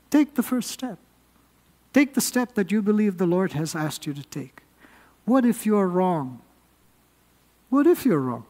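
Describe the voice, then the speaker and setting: A man's voice: sits high, expressive, unhurried, long pauses, a little mellow, long reverb tail. A man preaching a sermon, earnest and building up with rising emphasis.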